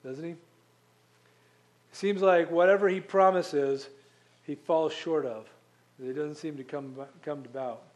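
A man's voice: fairly high pitch, unhurried, long pauses. A man preaching a sermon in a conversational way, asking the listeners rhetorical questions. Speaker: pastor.

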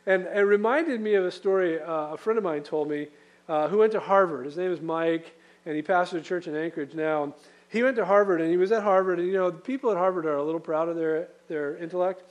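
A man's voice: sits high, quick pace, lo-fi sound. A man preaching a sermon in a conversational way, with fillers and acted-out quotes. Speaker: pastor.

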